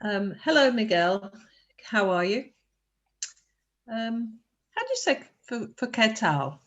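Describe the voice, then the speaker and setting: An older woman, a student translating a text aloud in class, halting and checking words as she goes. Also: fairly high pitch, big pitch swings. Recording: dull video-call audio.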